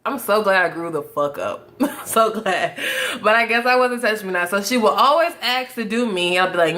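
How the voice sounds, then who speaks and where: A young adult woman telling a casual storytime monologue to her viewers, animated and profane, breaking into laughing asides. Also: medium pitch, normal speed. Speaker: vlogger.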